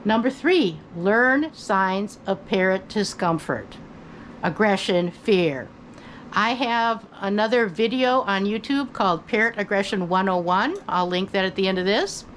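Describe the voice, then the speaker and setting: An older woman who hosts her own channel, giving relaxed, folksy advice about parrots at home and chatting to her bird now and then. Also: medium pitch, measured pace, a little hiss or hum, rough recording. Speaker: parrot owner and channel host. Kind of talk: casual advice talk. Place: indoors at home, by her bed.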